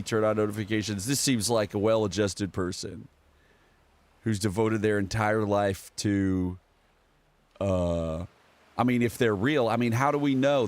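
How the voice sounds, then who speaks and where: A man giving casual, sarcastic political commentary, rambling and reading headlines aloud as a show host. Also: lowish voice.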